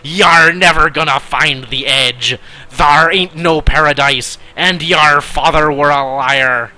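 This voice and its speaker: A man voicing a blustering male pirate captain villain with a stage pirate accent, drawn out and loud. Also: a little high, pitched above the performer's own voice, exaggerated voice, rough recording. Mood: taunting. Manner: loud, drawn-out growling taunts. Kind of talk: reading a storybook aloud.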